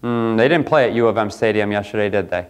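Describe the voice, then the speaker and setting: A pastor preaching a sermon in a church, jumping from loud outbursts to quiet asides. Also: male voice, on the low side, quick pace, clear, resonant tone. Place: church sanctuary.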